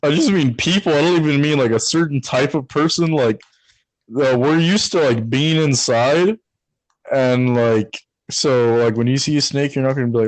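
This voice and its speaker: A man's voice: medium pitch, moderate pace, no room sound, poor audio. A young man from Texas, co-hosting a podcast with friends in a loose, rambling chat, laughing easily. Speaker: podcast co-host. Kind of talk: casual chat.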